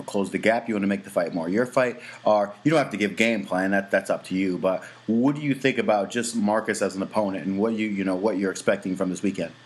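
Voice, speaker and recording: A man hosting an interview, asking long, easygoing, rambling questions. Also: on the low side. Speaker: interview host.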